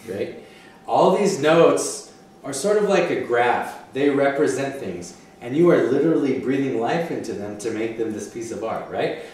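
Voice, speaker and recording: A man's voice: mid-range voice, a little mellow. A man teaching a one-on-one clarinet lesson, encouraging his student, counting aloud and singing phrases. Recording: echoey room from a distance, faint noise.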